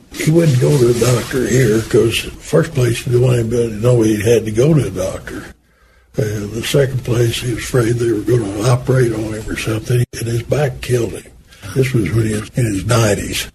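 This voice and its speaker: A man's voice: medium pitch, steady tone, fairly quick, gravelly, noisy background. An older man in an oral history interview, telling folksy anecdotes about a former boss and acting out the dialogue as he goes.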